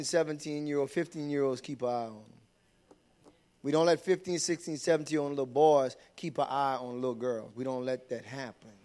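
A pastor preaching a sermon, moving from low conversational talk to loud, high-pitched preaching and dropping in frequent amens. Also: male voice.

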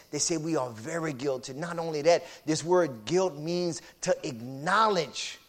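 A male preacher giving a sermon in a colloquial, repetitive style that builds from quiet explanation to shouted exclamations. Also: fairly high pitch. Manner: colloquial, uses y'all.

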